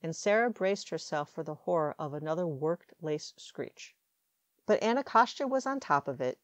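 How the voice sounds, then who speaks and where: A woman reading fan fiction aloud as an audiobook, calm and measured. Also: low-pitched, no room sound. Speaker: audiobook reader.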